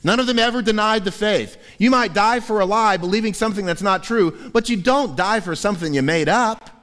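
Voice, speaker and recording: A man preaching a sermon as pastor in a church, lively and humorous, acting out quoted voices. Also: sits high, brisk, long reverb tail. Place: church sanctuary.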